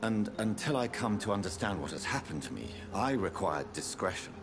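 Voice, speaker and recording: An actor playing a brooding young vampire doctor who speaks in a measured, solemn, formal way. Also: male voice, lowish voice, very animated. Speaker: game character. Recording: game audio with music behind.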